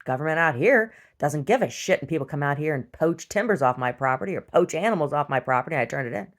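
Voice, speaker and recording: A woman's voice: sits low, lively intonation, quick pace. A woman venting bluntly and profanely in a casual video diary recorded at home. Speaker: video diarist. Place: rural property at home.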